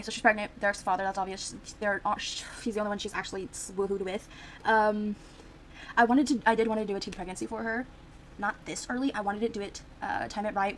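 A gaming video creator, a woman, rambles casually through commentary on a life-sim game, trailing off into fillers and restarting her sentences. Her pitch is ordinary and mid-range. The audio is poor, with a faint hiss beneath it.

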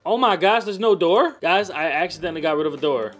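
A man's voice: a little high, expressive, a little fast, few pauses, a bit bright. A man giving rambling, profane commentary over a life-simulation game, often mocking its characters. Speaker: gamer. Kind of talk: profane Let's Play commentary.

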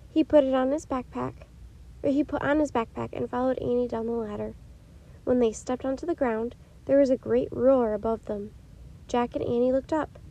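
A woman reading a children's chapter book aloud in a gentle, unhurried storytelling way, with a few small slips. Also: high voice, vocal fry, low-quality recording. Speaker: storytime reader.

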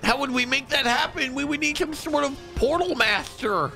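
A man roleplaying in a game in a panicky, high, squeaky character voice, often yelling. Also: moderate pace, creaky, faint music behind. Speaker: roleplay streamer voicing his character.

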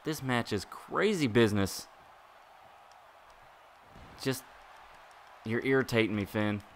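Excitable man commentating gameplay. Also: medium pitch, slow, slight background noise. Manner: excitable, exclaiming and groaning at the game. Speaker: gaming YouTuber.

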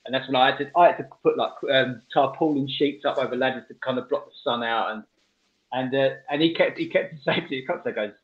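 A man hosting a casual radio show, telling stories with animated energy and frequent laughter. He stumbles and restarts as he talks. The audio is slightly muffled and lo-fi. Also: medium pitch, quick pace. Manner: animated storyteller, laughs often, restarts mid-sentence.

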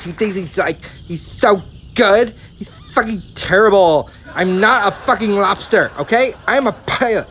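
A man's voice: sits high, a bit bright, slight background noise. Cartoon parody: man voicing a swearing, defensive comic, faint crowd behind. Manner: swears constantly, defensive rants. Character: high-strung, foul-mouthed washed-up male comic.

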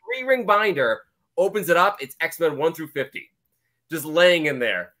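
A man hosting a casual collectors' chat, telling a story in an animated way. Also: fairly high pitch, moderate pace. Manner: animated storyteller, acts out dialogue.

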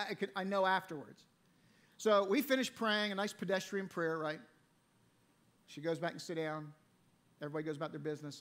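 Male pastor, sermon, storytelling, slightly higher voice, church. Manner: storytelling preacher, swings between loud emphasis and quiet scripture reading. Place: church sanctuary.

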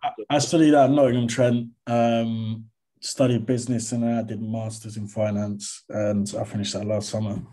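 A man's voice: fairly low pitch, little pitch movement, normal speed, mellow. A man, chatting casually and easily as an interview guest, dropping "mate" and "to be honest" along the way. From England. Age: 20s. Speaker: interview guest, comedy content creator.

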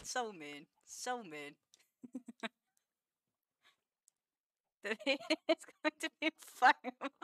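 A woman's voice: on the high side, very animated, drawn-out words, long pauses, a bit bright, no echo, clean studio sound. A woman streamer chatting casually with her viewers, laughing constantly, stammering and repeating words in playful mock outrage.

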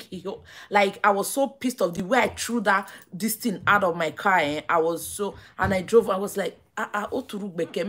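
A woman with a Nigerian accent telling a story on a live stream, animated and repetitive, stopping to greet viewers by name. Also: medium pitch. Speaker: vlogger.

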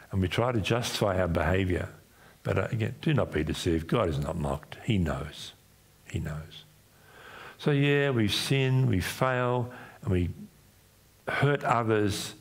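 A man with an Australian accent, preaching a sermon as pastor in a church, acting out voices when he retells stories. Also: gravelly. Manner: acts out voices in his retellings, pitch swinging up and down.

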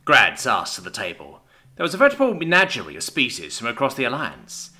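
Bright, animated male story narrator. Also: medium pitch, brisk. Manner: expressive storytelling. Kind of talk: scripted narration.

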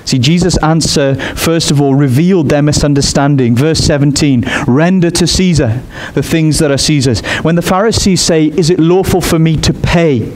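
Expressive male preacher, rising pitch. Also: normal speed, hardly any pauses. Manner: expressive, climbs high on emphatic points. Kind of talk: sermon.

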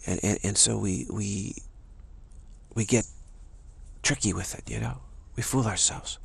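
A man's voice: fairly low pitch, measured pace, gravelly, slightly rough. A man giving an emphatic spiritual talk, repeating and restarting phrases as he presses his point. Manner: emphatic, repetitive, many restarts. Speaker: spiritual teacher.

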